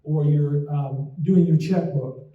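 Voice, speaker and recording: A man's voice: on the high side, steady tone, slow. A middle-aged man, a memory doctor giving a casual talk with folksy anecdotes and frequent "okay?" asides. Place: talk to an audience in a hall. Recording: roomy, distant, dull lo-fi sound.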